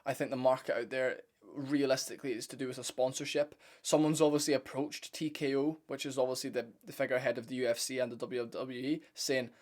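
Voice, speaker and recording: A young man talks straight to his viewers in a casual breakdown, blunt and opinionated. His pitch sits in an ordinary middle range. He rambles and restarts his sentences, dropping the odd swear word. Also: level tone, brisk, darkish tone. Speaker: MMA commentary channel host.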